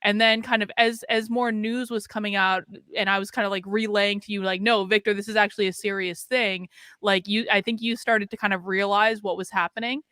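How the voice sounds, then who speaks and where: A middle-aged woman hosting a livestream in a bright, sharp voice, recorded dry and close. She is chatty and prompting, and keeps the guest talking with quick mm-hmms. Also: mid-range voice, steady tone, no echo. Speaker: host. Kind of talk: livestream interview.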